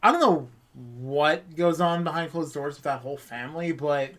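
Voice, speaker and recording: A man's voice: on the high side, animated, normal speed, fairly bright tone. A man co-hosting a podcast, chiming in and telling his own stories with casual swearing. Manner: swearing, chiming in with short replies. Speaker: podcast co-host. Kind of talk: casual chat.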